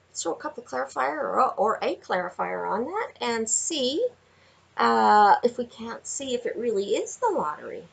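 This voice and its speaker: A woman giving a chatty tarot card reading, laughing often and talking to viewers in animated asides. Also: a little high, normal speed, gravelly, husky, poor audio. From Canada. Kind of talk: casual tarot reading vlog. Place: home with window view.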